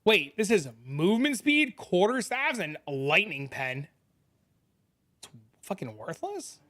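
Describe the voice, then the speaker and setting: A young man streaming a game, chatting casually, excitable and swearing freely as he reads chat aloud. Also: high voice, slow pace.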